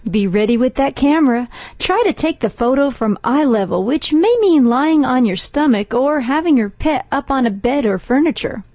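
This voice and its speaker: A woman's voice: high-pitched, animated, moderate pace, darkish tone, dry recording. A woman reading a scripted radio tip segment in an upbeat way.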